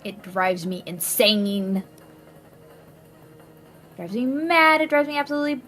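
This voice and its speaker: A woman's voice: medium pitch, lively intonation, unhurried, a bit bright, soft background music. Playfully indignant woman chatting. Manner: mock-indignant, playfully exaggerated. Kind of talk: casual chat.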